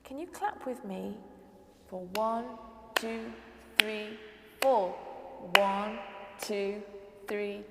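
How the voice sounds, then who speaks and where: A woman's voice: medium pitch, very slow, vocal fry, long pauses, roomy sound, big-room sound, heavy background noise. A woman leading a toddler music session with nursery rhymes, songs and animal noises, coaxing the group to clap and join in. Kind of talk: sing-song rhymes and songs for small children. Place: church hall.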